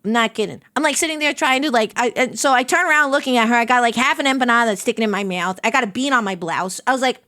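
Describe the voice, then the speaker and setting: A woman with a high voice chats to her stream about her day, acting out little quotes as she goes. The sound is dry and close, with no room around it. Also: fast talker, few pauses, dry recording. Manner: animated anecdote telling with acted-out quotes. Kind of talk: casual storytelling to stream chat.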